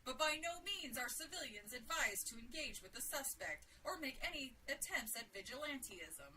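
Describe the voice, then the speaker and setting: A woman's voice: sits high, very animated, moderate pace, sharp tone, full character voice. A woman voicing a grim female TV news reporter, delivering an urgent formal bulletin from a distant mic with faint room noise.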